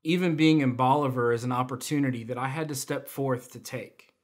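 Speaking a bit fast in a mid-range voice, a young church volunteer shares his personal testimony during an online service. He laughs as he tells stories that poke fun at himself.

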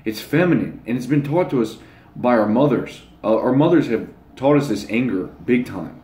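A man's voice: mid-range voice, animated, moderate pace, dark tone. A young man talking casually to his channel's viewers, blunt and rambling, with crude slang. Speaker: channel host. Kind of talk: casual monologue to camera. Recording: echoey room.

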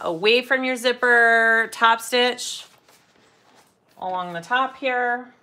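A woman's voice: a little high, slow pace, bright, forceful tone. A middle-aged woman leading a live sewing tutorial. She explains steps as she works, chats casually and hums filler sounds while she sews. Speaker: sewing instructor and shop owner.

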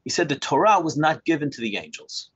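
An older man in his sixties, a Torah scribe, tells a story to a small group with a husky, slightly breathy voice. His pitch swings widely as he acts out dialogue, and he chuckles often while talking. The recording sounds dull and lo-fi. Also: very animated, brisk, fairly bright tone.

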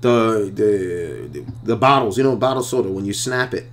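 A man's voice: fairly low pitch, normal speed. A filmmaker talking casually and enthusiastically to his viewers, often repeating himself as he explains how a scene was made. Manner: enthusiastic, repetitive, talks to viewers directly. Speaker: filmmaker reviewing his own trailer. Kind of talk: casual video commentary.

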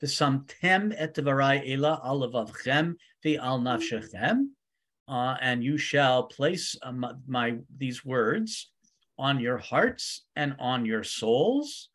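A man teaches a weekly Torah study class in a voice of ordinary pitch. He reads Hebrew verses aloud, translates them line by line, and fills the gaps with frequent ums and uhs. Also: expressive, slow pace, a bit bright.

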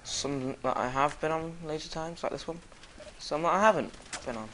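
A young man casually commentating his own gameplay, excitable, swinging from muttering to sudden yelps. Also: a little high, normal speed, slight background noise. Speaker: gamer commentating his play.

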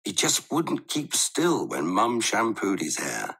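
A man reading a children's storybook aloud in an expressive, animated way. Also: fairly low pitch, unhurried, vocal fry, breathy edge.

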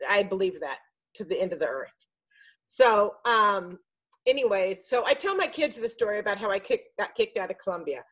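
A middle-aged woman telling a story in casual chat, animated and swearing freely. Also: medium pitch, moderate pace, rough recording. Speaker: podcast guest. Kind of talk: casual storytelling on a group video call.

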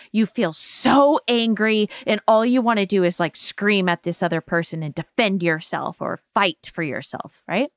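Woman, self-help host, gentle reassuring coaching, mid-pitched voice, dry room. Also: dry recording. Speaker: podcast host giving therapy advice. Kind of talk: explanatory self-help talk.

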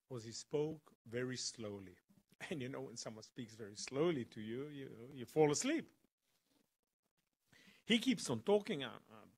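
A man giving a lively storytelling talk as a guest speaker at a college, building suspense with dramatic pauses. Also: fairly high pitch. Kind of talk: animated storytelling lecture. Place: college event.

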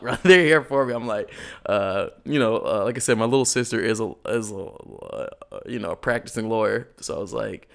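A man's voice: on the low side, brisk, vocal fry, a bit bright. A man co-hosting a podcast, telling a story in casual chat, laughing, swearing freely and acting out the people in it. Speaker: podcast co-host.

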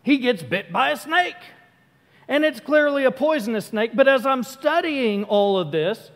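A man preaching a casual sermon, talking conversationally, breaking off mid-thought and acting out quick asides. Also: very high voice, expressive, fairly bright tone. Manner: conversational, self-interrupting, acts out quick asides. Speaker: pastor. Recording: hall reverb.

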